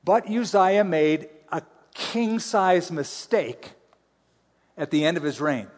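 A pastor teaching a sermon in a conversational way, with playful asides between scripture readings. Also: male voice, a little high, lively intonation, takes it slowly. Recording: long hall reverb.

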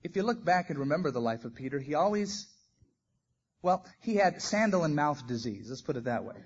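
A man's voice: a little high, sing-song, brisk, slight background noise. A man preaching a sermon, telling stories with animation and acting out the quoted lines. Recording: dull lo-fi recording.

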